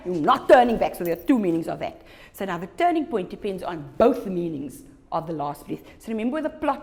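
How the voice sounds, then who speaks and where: A young woman with a South African English accent teaching a recorded school lesson, talking casually and acting out quotes from the story. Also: on the low side. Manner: animated, acts out quotes from the story.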